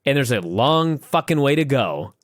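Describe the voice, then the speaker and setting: Lively, profane man co-hosting a podcast. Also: mid-range voice, moderate pace, dry recording, studio quality. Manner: animated, profane, joking. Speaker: podcast co-host. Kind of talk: casual chat.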